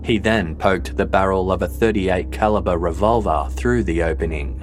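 A man with a very low voice narrates a true-crime story in a measured, even, scripted delivery. Soft music plays quietly underneath him. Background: faint background music.

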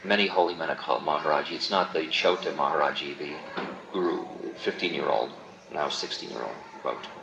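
A man in his forties telling a spiritual story in a lively way, slipping into the voices of the people in it, on a 1970s tape recording. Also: rumbling low, a little fast, gravelly. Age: 40s. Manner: animated storytelling, acting out quoted voices. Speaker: spiritual teacher. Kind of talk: storytelling talk. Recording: roomy dull 1970s tape recording with faint hiss.

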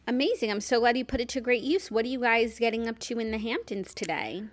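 A woman's voice: on the high side, lively intonation, fast talker. A young woman co-hosting a podcast, chatting casually and now and then drawing out a word to tease. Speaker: podcast co-host. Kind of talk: casual chat.

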